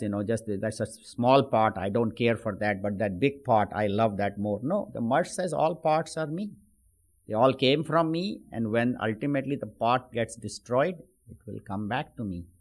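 A man giving a spiritual discourse on scripture, explaining patiently with everyday examples and many fillers. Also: medium pitch. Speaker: spiritual teacher.

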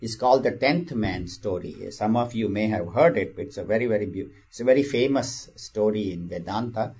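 A man's voice: on the low side, normal speed, darkish tone, husky. A man giving a spiritual discourse. He speaks in a conversational way, repeats phrases and tells a parable. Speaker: spiritual teacher.

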